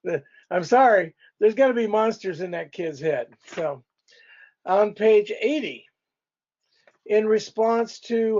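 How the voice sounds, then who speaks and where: A man's voice: sits high, slow pace, a little mellow, dull audio. A male pastor teaching a church couples class in a conversational way, speaking directly to the couples in the room.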